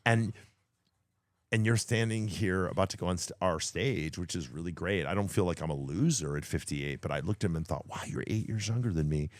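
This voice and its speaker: A man's voice: low-pitched, fairly quick, no echo. A man in his late fifties co-hosting a podcast, telling long rambling backstage stories with restarts and swearing. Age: 50s. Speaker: podcast co-host. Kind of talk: casual chat.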